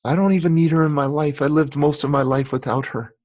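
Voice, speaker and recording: A middle-aged man, a guest on a podcast interview, telling a deeply personal story in an earnest, emotional way that builds into motivational encouragement. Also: steady tone, fast talker, a little mellow.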